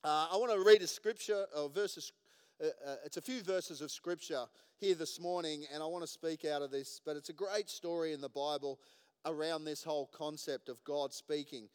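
A man's voice: fairly high pitch, normal speed, clean tone. A man preaching a sermon as pastor, joking and laughing at his own jokes. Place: church hall. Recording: long hall reverb.

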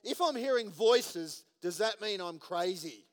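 High, animated male pastor in a hall. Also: measured pace. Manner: joking, laughs at his own jokes. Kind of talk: sermon. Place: church hall. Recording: long hall reverb.

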